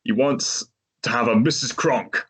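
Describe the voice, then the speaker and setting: A man's voice: mid-range voice, a little slow, a bit bright, slightly rough. A man hosting a podcast, retelling a movie's plot in a casual, chatty way and laughing often. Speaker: podcast host.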